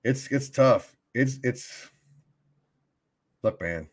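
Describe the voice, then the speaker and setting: A man's voice: medium pitch, lively intonation, very slow, breathy edge. A man co-hosting a post-game football podcast, telling a long story in a rambling, profane way. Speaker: podcast co-host. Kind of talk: casual storytelling chat.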